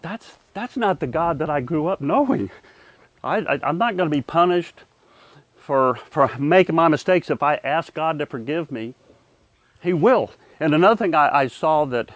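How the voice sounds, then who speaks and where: An older man, a Vietnam veteran, telling his near-death experience in an earnest, halting way with many restarts. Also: on the high side, dry recording. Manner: earnest, halting, frequent repeated starts. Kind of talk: personal testimony.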